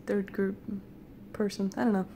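A woman's voice: mid-range voice, flat delivery, normal speed, dark tone, slight background noise. Young woman rambling through a dream story. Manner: rambling, playful, quotes people in put-on voices; eating jelly beans while talking. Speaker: vlogger. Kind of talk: casual storytelling about a dream.

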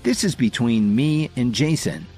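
A man's voice: medium pitch, a little slow, a little mellow, soft background music, natural voice. A male narrator voicing a fearless young husband who answers threats coldly and evenly in an audio story. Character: calm, fearless young husband, cold and defiant.

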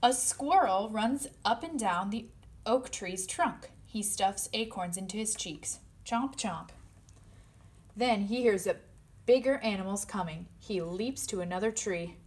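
Female storybook reader for a kids' read-aloud, mid-range voice, playful with the animal noises. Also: a little slow. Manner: playful, voicing animal sounds with high squeaks and yips.

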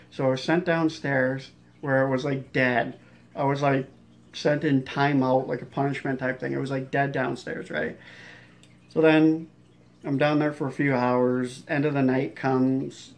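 A man casually telling a story from his bouncer days, rambling with many fillers and restarts. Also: mid-range voice.

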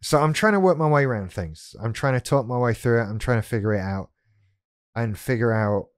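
A man's voice: mid-range voice, a little fast, clear, resonant tone, dry recording, studio quality. A man vlogging from his desk at home, thinking aloud in a frank, self-questioning monologue. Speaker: vlogger talking about BPD. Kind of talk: candid reflective monologue.

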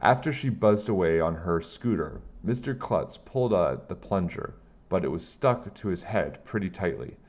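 A man reading a children's chapter book aloud with plain, steady storytelling. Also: deep voice, normal speed, highs cut off.

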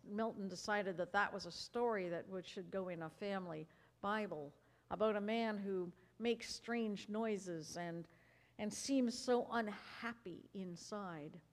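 A woman minister reading scripture as an expressive story, then preaching with measured pauses. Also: medium pitch. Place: church sanctuary. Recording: reverberant church hall.

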